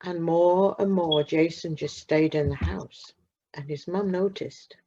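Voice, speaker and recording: Gravelly woman telling a children's story. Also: lowish voice. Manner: slow, expressive, dramatic pauses. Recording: muffled lo-fi recording.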